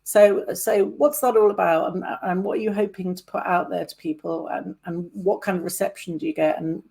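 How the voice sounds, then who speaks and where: Brief: woman in her fifties, low and husky voice, interview host who rambles and restarts. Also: steady tone, fairly quick, dark tone. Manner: rambling, hesitant, many restarts. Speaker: podcast host. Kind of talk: casual interview chat.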